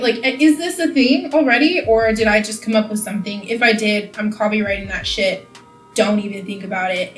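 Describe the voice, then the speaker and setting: A woman's voice: mid-range voice, distant mic. Young woman, from California, rambling vlog chat, echoey room, voice a little off-mic. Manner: rambling, chatty, lots of "like". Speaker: beauty vlogger. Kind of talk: casual chat while doing makeup.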